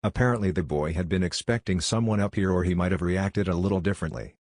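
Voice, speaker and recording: A man narrating a fan fiction story in a flat, even reading voice. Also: deep voice, fast talker, dry recording, studio quality.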